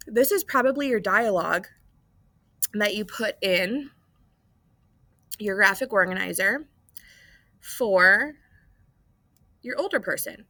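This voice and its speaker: A woman's voice: medium pitch, expressive, slow, pauses often, bright, forceful tone, no echo. Woman teacher explaining a lesson casually. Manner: casual, explanatory, checks in with "okay?" and "right?". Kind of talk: classroom lesson recording. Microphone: computer mic.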